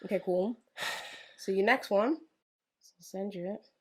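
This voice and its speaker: A woman's voice: medium pitch, unhurried. A woman co-hosting a casual podcast chat, teasing and laughing often. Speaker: podcast co-host.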